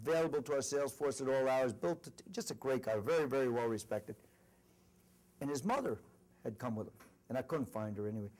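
A man's voice: mid-range voice, a little mellow. Earnest storytelling man giving a speech. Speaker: corporate executive speaker. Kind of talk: motivational speech. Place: university lecture event.

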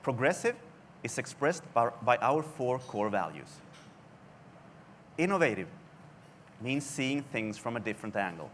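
A man from Sweden, a creative director giving a conference presentation in a deliberate way, his phrases dropping at the ends. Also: medium pitch, big pitch swings, a bit bright, a little hiss or hum. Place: conference hall.

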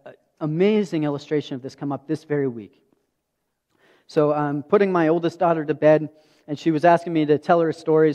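High-voiced man preaching in a reverberant hall. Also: a little mellow. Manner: earnest storytelling, acting out dialogue. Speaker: pastor. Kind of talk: sermon. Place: church sanctuary. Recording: dull audio with long hall reverb.

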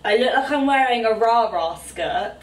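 A woman's voice: a little high, animated, moderate pace. Bubbly woman, roomy and distant. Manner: bubbly, chatty, exclaiming. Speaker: fashion vlogger. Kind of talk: try-on haul chat.

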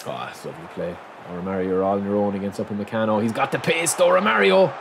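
A man giving excitable live commentary on his own football video game, reacting aloud and calling his viewers lads. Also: lowish voice, fast, gravelly. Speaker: gaming channel host. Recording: noisy game sound mix.

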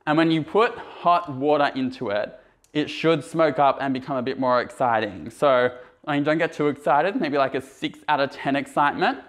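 A man's voice: a little high, normal speed, a bit bright. A chatty, bubbly young man giving a casual tour of his small apartment, recorded on a handheld camera. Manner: chatty and bubbly, lots of fillers. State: a bit out of breath. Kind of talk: casual vlog chat.

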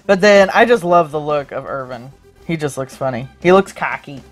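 A woman in her thirties co-hosting a casual chat about thrift and flea market finds, excitable and jokey. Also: low-pitched, normal speed, faint music behind. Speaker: co-host.

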